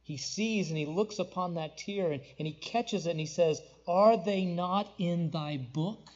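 High-voiced preacher, soaring then hushed. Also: male voice, unhurried. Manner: swings from soaring emphatic declarations to hushed tender passages. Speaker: pastor. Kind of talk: sermon. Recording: dull lo-fi recording.

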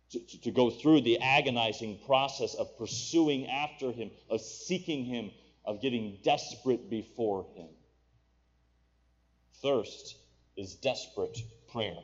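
Impassioned male preacher, lo-fi sound. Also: slightly rough. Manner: builds to loud, impassioned pleading, then drops low and quiet. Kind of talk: sermon.

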